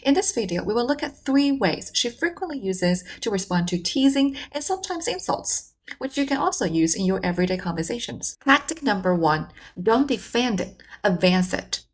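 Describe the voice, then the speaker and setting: A woman hosting a communication channel, giving measured, explanatory scripted narration. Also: mid-range voice, big pitch swings.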